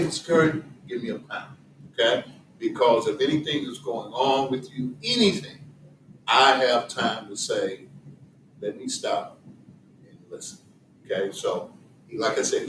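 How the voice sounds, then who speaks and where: A man's voice: medium pitch, animated, unhurried. A man on the school staff gives a student casual, encouraging advice. He sits far from the mic in an echoey room, with a faint hiss behind him.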